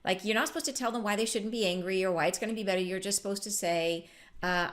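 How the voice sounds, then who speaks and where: Woman, spiritual teacher, mid-pitched voice; easygoing and reflective, chatty, laughs readily. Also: fast, fairly bright tone. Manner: reflective, chatty, laughs often, many fillers. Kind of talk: relaxed spiritual talk.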